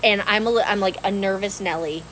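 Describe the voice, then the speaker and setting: A woman's voice: mid-range voice, brisk, low-quality recording. New woman gabbing on a podcast, laughs a lot, bit of background noise. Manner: animated, laughs often, rambling with restarts. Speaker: podcast co-host. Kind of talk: casual storytelling chat.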